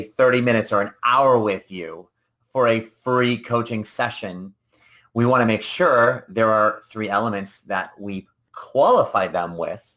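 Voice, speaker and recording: Man rambling through a coaching podcast. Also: lowish voice. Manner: animated, rambling, acts out quoted people. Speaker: business coach and podcast host. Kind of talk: casual solo podcast talk.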